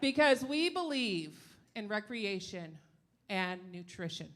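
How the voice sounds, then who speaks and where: On a live comedy stage before an audience, a middle-aged woman from Yakima, Washington, performs a brash, salty stand-up set. Her mid-range voice is sing-song, and she takes her time.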